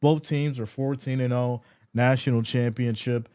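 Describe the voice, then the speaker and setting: A man hosting a casual live stream, reading viewer chat aloud, hyped and loud one moment and dropping to soft, low asides the next. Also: steady tone, normal speed, clear, resonant tone. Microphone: streaming microphone.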